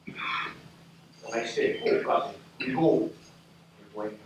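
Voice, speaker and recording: A man speaks slowly and haltingly, pleading for help at a public meeting. His voice is distant in a highly echoing hall. Clear background noise runs beneath him. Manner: slow, pleading, broken phrases. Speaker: cultural practitioner giving testimony. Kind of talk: public testimony. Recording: echoey hall from far off, noisy.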